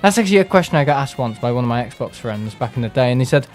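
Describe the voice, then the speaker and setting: Chatting casually while playing on a live game stream, an Englishman rambles, gets sarcastic, and mimics others in put-on voices. His medium-pitched voice is animated, racing, and a little mellow, with soft music in the background.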